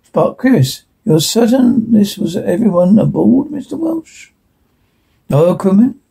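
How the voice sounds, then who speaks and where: Brief: man reading a detached male alien officer, gravelly, dark. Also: high-pitched, lively intonation, a little slow, pitched above the performer's own voice, full character voice.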